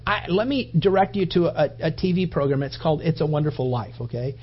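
A man's voice: high voice, a little fast, highs cut off. A man preaching a sermon in a conversational, rambling way, often restarting his sentences.

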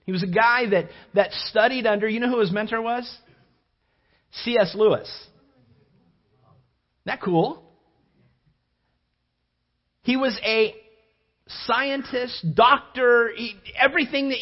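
A man preaching a sermon as a lively, rambling storyteller, full of restarts and asides. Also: extremely high pitch, measured pace, pauses often, highs cut off.

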